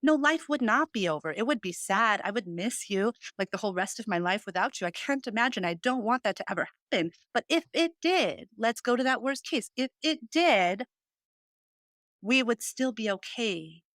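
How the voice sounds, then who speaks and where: A woman's voice: a little high, animated, moderate pace, fairly bright tone, dry recording. A woman in her thirties hosting a podcast, telling a personal story in an earnest, heartfelt way with lots of fillers. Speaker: podcast host. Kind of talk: casual chat.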